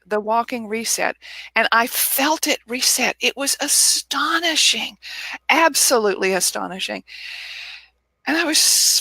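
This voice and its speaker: A woman guest in a casual interview, telling a personal story in an animated way and acting out the people she quotes, over a video call. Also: fairly high pitch, vocal fry, no echo. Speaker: author and guest.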